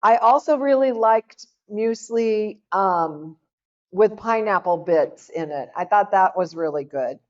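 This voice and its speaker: A middle-aged woman from Oklahoma talks an audience through a recipe in an easy, folksy way, checking in with them often. She speaks slowly and unhurried. The sound is dull and a bit lo-fi. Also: mid-range voice, lively intonation, darkish tone. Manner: chatty, folksy, addresses the audience directly. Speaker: cooking demonstrator at a health seminar. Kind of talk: casual cooking talk to an audience.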